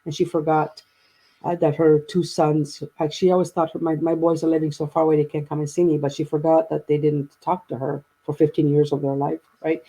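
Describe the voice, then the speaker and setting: A woman in her fifties talks through a family story in conversation. Her voice is mellow and a little husky. She rambles, restarts her sentences and acts out what people said. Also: low-pitched, flat delivery, a little fast, low-quality recording. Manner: rambling, with many restarts and quoted dialogue. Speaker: guest.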